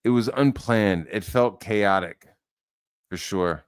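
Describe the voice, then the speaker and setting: A man's voice: on the low side, takes it slowly, clear, resonant tone. A man delivering a profane, heated rant as an online commentator, swearing freely and mocking his target.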